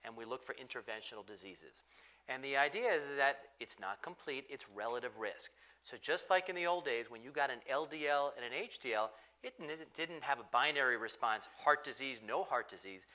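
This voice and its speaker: Bright-voiced man explaining emphatically. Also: mid-range voice, lively intonation, a little fast. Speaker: physician panelist. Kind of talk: panel discussion.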